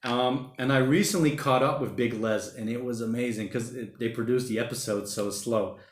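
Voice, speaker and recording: Livestream host, male, mid-pitched, rambling and slangy, reading chat aloud in a roomy, echoey space. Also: steady tone, moderate pace. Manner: rambling, chatty, uses slang like mate and bloody. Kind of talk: casual livestream chat reading viewer comments. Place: home during lockdown.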